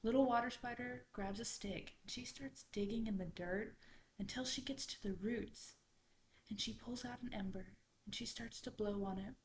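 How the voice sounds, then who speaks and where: A woman's voice: fairly high pitch, normal speed, rough recording. A woman retelling a folktale aloud without a book. She tells it expressively and drops into whispers at the tense moments. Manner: expressive, dropping into whispers for suspense. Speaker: student storyteller.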